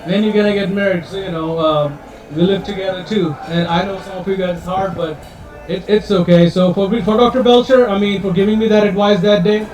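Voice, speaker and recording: High-voiced man speaking in an echoey hall. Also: fairly even intonation, over music. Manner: halting, full of restarts, joking and emotional. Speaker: guest speaker. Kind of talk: heartfelt party speech. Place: party room. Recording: roomy hall, mic at a distance.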